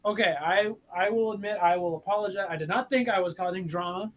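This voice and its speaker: A woman's voice: medium pitch, quick pace, lightly acted. Woman playing a defensive, nosy wedding guest. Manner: defensive, insistent. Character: nosy tunnel-loving male wedding guest. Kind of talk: live improv comedy.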